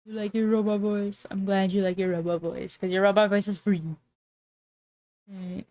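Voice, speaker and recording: A woman talks loosely to her stream in a mid-pitched voice. She is sarcastic and rambling, often breaking off a sentence to start it again. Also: little pitch movement, normal speed, darkish tone. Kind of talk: casual livestream chat.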